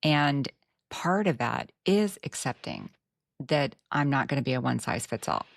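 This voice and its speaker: A woman's voice: a bass voice, very animated, a little slow, creaky, no room sound, clean studio sound. A woman with a Texan accent hosting a podcast chat, earnest and reflective with frank asides. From Texas. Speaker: podcast host. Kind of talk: casual podcast conversation.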